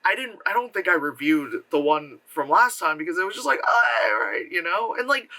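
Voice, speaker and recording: A man with a high, sharply bright voice gives a casual movie review rant. He talks in an animated, profane way and keeps breaking into mocking impressions. His pitch swings all over the place. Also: fairly quick.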